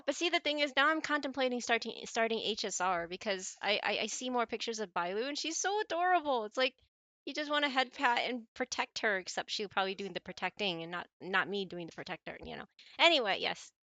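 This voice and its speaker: American girl streamer just rambling to chat, bright voice, dry close mic. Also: on the high side, animated, quick pace, dry recording. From United States. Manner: rambling, chatty, often restarts and self-corrects. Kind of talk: casual gaming stream chat.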